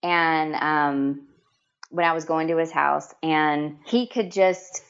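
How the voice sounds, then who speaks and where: A woman's voice: deep voice, slow, clear, resonant tone, dull audio. A middle-aged woman telling heartfelt stories in conversation, earnest and emotional, with many restarts and fillers. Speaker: guest. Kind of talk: storytelling in conversation.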